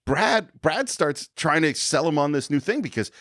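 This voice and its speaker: A man co-hosting a film podcast talks casually, his voice gravelly and his pitch swinging widely as he acts out lines from the movie. The sound is close and dry, with no room around it. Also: moderate pace, no echo. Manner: animated, quotes film lines in character. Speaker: podcast co-host.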